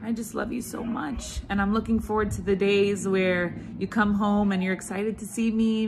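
A woman's voice: medium pitch, noisy background. A woman, a mother giving a heartfelt recorded message, tender and fighting back tears.

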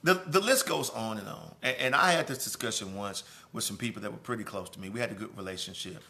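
Bright-voiced preaching pastor. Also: male voice, fairly low pitch, quick pace. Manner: preaching with emphatic repetition, swelling and dropping in volume; conversational asides and restarts. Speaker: pastor teaching a Sunday school lesson. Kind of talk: sermon-style Bible lesson.

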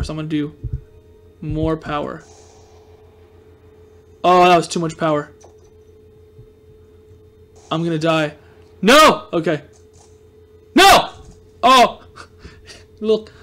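A young man with a notably high-pitched voice gives casual let's play commentary. He is excitable and self-mocking, yelping and groaning as each shot lands or misses. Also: slow, pauses often. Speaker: gaming video host.

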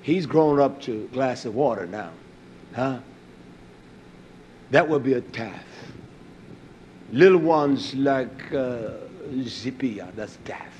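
A man preaching a sermon, emphatic, swinging between low asides and loud raised emphasis. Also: lively intonation, slow, pauses often, a little hiss or hum.

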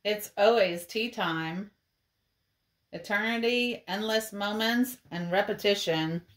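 A woman giving a tarot card reading to her viewers, speaking in a slow, soothing, encouraging way. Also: mid-range voice, a bit bright. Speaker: tarot reader.

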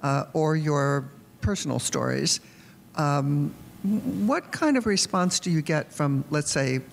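A man in the audience asks a hesitant, halting question. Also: a little high, expressive, vocal fry. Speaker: audience member asking a question. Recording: distant in an echoey hall, faint noise.

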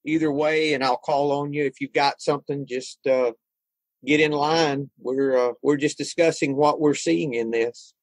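A man hosting a casual online group discussion, relaxed and conversational, laughing easily. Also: a little high, moderate pace, no room sound. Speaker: host.

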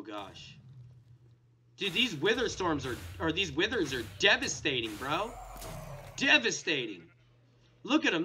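A young man hosting a gaming video, giving excitable casual commentary and shouting at the screen. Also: on the high side.

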